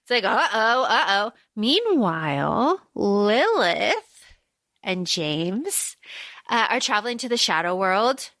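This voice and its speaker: A woman's voice: mid-range voice, slow pace, dry recording, clean studio sound. A woman co-hosting a podcast, chatting casually about a book and acting out characters' lines as she recaps. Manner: animated, acts out characters' lines mid-recap. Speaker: podcast co-host.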